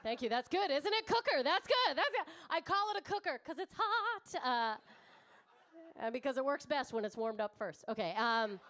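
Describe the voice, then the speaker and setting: A woman's voice: sits high, big pitch swings, moderate pace, fairly bright tone. A woman in her thirties doing stand-up comedy, brash and teasing the crowd, swearing freely. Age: 30s. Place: comedy club stage before a live audience.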